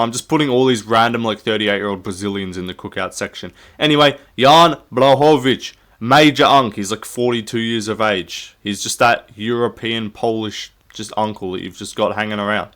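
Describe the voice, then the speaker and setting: A man's voice: mid-range voice, moderate pace, few pauses, a bit bright. A young man, rambling through jokey, sweary sports commentary and laughing at himself. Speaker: YouTube MMA commentator. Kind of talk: casual comedic commentary.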